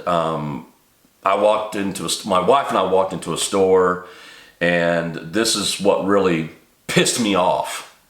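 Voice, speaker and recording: A middle-aged video maker rants to camera in an agitated monologue, his voice climbing sharply whenever he gets worked up. His voice is low-pitched and a bit bright, recorded in an echoey room.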